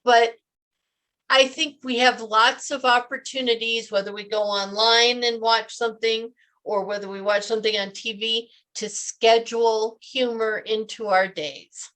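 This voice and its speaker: Chatty upbeat lady guest on a radio show, bright voice, kinda high. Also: fairly even intonation, unhurried. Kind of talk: radio interview.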